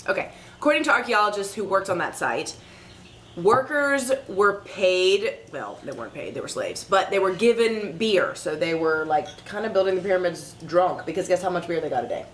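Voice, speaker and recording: A woman's voice: lowish voice, expressive, normal speed, slight background noise. A woman co-hosting a casual beer review show with her husband, playful and teasing in how she talks. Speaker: co-host. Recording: echoey room with faint ambience.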